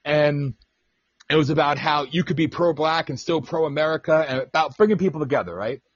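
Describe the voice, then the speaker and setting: On a casual political radio talk show, a man with a slightly high, husky voice speaks a little fast. He tells stories in a loose, profane way and imitates the people he quotes. The recording is dry and lo-fi.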